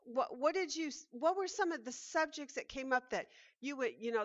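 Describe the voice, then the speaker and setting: A woman's voice: high voice, lively intonation, normal speed, no echo. A woman teaching a Bible study lesson, earnest and thoughtful, reading a story aloud and reflecting on it, in a dull, dry recording.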